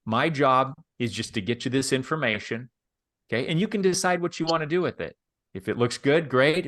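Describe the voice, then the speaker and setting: Guy teaching new sales agents, loose and conversational, stumbles and restarts a lot, mid-pitch voice. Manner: conversational, repeats himself, animated demonstrations of pushy salespeople. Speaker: sales trainer. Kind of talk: live training session.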